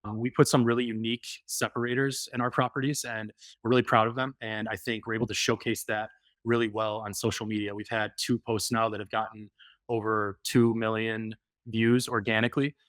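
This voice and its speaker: Low, flat-voiced man as a podcast guest. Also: dry recording. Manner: many "um" fillers, fast enthusiastic bursts. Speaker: podcast guest, rental property owner. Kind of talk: casual interview chat.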